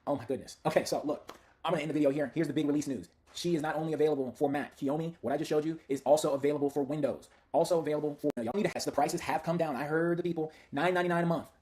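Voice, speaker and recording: A man casually walking viewers through a demo of software he built, chatty and hyped, talking straight to his audience. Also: a little high, fairly even intonation, very fast. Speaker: software creator demoing his own tool. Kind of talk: casual screen-share product demo.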